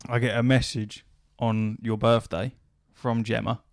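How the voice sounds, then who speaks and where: This podcast host curses liberally while relaying a casual story, voicing each side of the dialogue himself. He speaks at a typical male middle pitch with little pitch movement and a measured pace. The audio is close and dry, free of any room sound.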